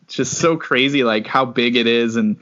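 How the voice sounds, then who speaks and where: A man's voice: medium pitch, normal speed, fairly bright tone. Rambling man retelling a story, lo-fi. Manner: loose, rambling retelling with many fillers. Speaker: podcast co-host. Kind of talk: casual book discussion.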